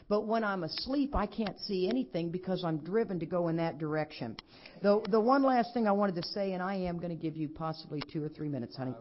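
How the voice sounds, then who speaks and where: Animated woman telling her story. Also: mid-range voice, slight background noise. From Texas. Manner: animated storytelling, acting out what others said. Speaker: speaker at a recovery convention. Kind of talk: personal testimony talk. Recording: dull lo-fi convention recording.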